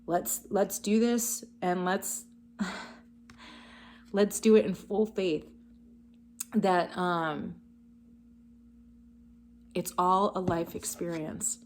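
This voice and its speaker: A woman's voice: fairly low pitch, steady tone, extremely slow, long pauses. A woman giving a casual spiritual card reading, enthusiastic and encouraging, talking straight to her viewers. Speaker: tarot card reader.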